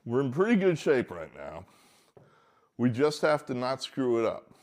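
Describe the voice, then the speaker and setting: A man's voice: medium pitch, sing-song, moderate pace, darkish tone. A man giving casual, rambling solo political commentary from a barn, hesitant with many fillers and mocking outbursts.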